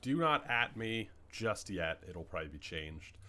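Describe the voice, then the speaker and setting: A man from Canada talks his way through a building session in casual, rambling gameplay commentary. His slightly low voice is bright and edged, and it bounces up and down a lot. There is a faint hiss behind him. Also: very animated, unhurried. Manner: rambling, chatty, lots of fillers and trailing asides. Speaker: gaming channel host.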